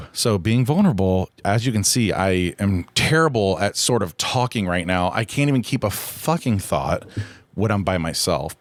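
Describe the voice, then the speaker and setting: A man's voice: fairly low pitch, no echo. A man hosting a solo podcast, talking in a rambling, candid and profane way, often poking fun at himself. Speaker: podcast host. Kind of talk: casual solo podcast chat.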